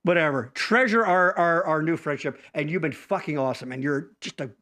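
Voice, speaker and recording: Brief: middle-aged podcast host from Pennsylvania, high voice, loose, profane, joking. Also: male voice, a little fast, fairly bright tone. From Pennsylvania, USA. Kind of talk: casual chat.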